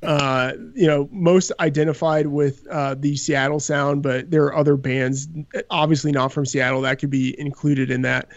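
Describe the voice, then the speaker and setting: Male podcast guest, casual and self-deprecating, rambles with fillers, slightly higher voice. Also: little pitch movement, moderate pace, no echo, muffled recording.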